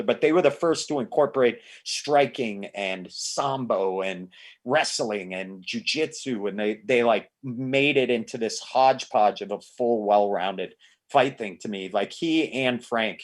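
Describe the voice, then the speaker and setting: A man guesting on a casual comedy podcast, telling rambling stories with free swearing. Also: mid-range voice. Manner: animated, rambling storyteller, swears freely.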